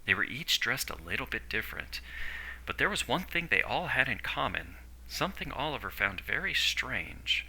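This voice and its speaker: A man narrating a story in a steady, descriptive way. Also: mid-range voice, normal speed, vocal fry, breathy edge, poor audio.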